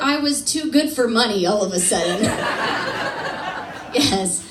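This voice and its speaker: A woman's voice: fairly high pitch, unhurried, a bit bright, a little hiss or hum. A woman from Pennsylvania doing a chatty, self-deprecating stand-up set on a club stage, laughing often. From Altoona, Pennsylvania. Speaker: stand-up comedian. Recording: roomy club sound from a distance.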